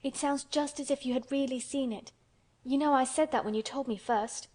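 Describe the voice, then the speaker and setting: A woman voicing a frail, excitable young boy who talks in an eager, breathless, high-strung way. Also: moderate pace. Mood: enraptured.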